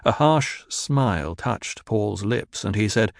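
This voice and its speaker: A man narrating an audiobook in a steady, even reading. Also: lowish voice, takes it slowly, creaky, hardly any pauses, no echo, studio quality. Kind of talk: scripted narration.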